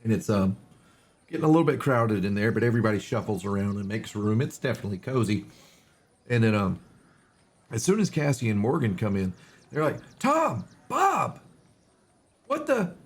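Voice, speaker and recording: A man narrating a tabletop game as game master in a relaxed way, with many fillers. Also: on the low side, brisk.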